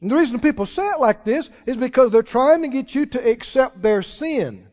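A man preaching a sermon to a congregation, animated and throwing questions back at the listeners. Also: very high-pitched, moderate pace. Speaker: pastor. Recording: dull lo-fi sound with long hall reverb.

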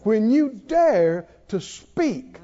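A man preaching a sermon, swinging from near-shouts down to hushed tones, often laughing between lines. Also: high-pitched, very animated, drawn-out words, lo-fi sound. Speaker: pastor.

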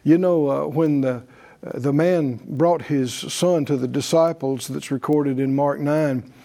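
A man's voice: fairly high pitch, steady tone, measured pace, mellow. A man teaching a faith class in a conversational sermon style, with frequent fillers and restarts, leading his audience in call-and-response.

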